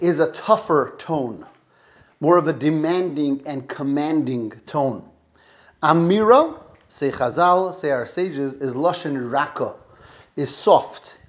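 A man's voice: on the high side, a little mellow. A man giving a weekly Torah lesson, explaining patiently with frequent fillers and restatements. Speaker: Torah teacher. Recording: dull lo-fi recording.

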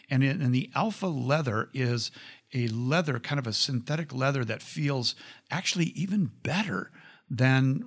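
A man hosting a show, talking with excitement about a book he is holding, with frequent restarts. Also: mid-range voice. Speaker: host. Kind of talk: casual enthusiastic product talk.

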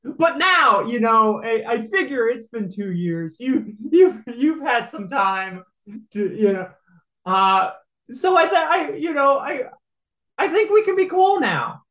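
A person telling a personal story in casual podcast chat, animated and laughing often. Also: medium pitch, takes it slowly, reverberant, poor audio.

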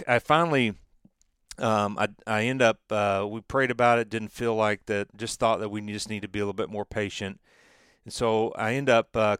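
Man guest, low smooth voice, dry close sound; rambling storyteller, lots of restarts. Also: fairly bright tone, no room sound. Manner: rambling, frequent restarts and fillers, acts out dialogue. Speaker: former baseball pitcher, guest. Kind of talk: storytelling in a conversational interview.

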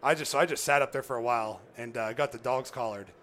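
Fast-talking man telling an excited story. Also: medium pitch, slight background noise. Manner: excited, laughing, acts out quoted voices. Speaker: guest, former pro football player. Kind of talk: animated storytelling.

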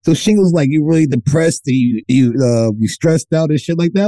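A man co-hosting a podcast, telling stories in a profane, animated, casual way. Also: fairly high pitch, brisk, no room sound. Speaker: podcast co-host. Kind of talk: casual chat.

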